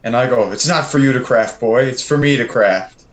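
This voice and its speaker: A man's voice: medium pitch, moderate pace. A man playing in a tabletop game, speaking with swagger as a proud king. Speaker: player. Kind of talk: tabletop role-play.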